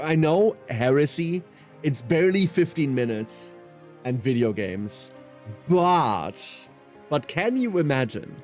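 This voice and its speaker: Lively self-mocking male streamer. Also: on the high side, unhurried, faint music behind. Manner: rambling, self-mocking, answers chat aloud. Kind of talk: casual live-stream chat while gaming.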